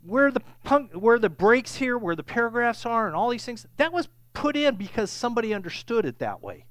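A man's voice: very high-pitched, very animated, a little fast, a bit bright, no room sound. A man preaching a sermon, teaching in a conversational way with frequent "okay?" check-ins, and growing emphatic and raised when he stresses a point. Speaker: pastor.

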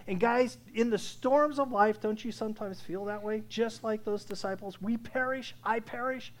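High-voiced man preaching a sermon. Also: fairly even intonation. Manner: swings from hushed, slow lines to loud preaching, asks the congregation questions. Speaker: pastor.

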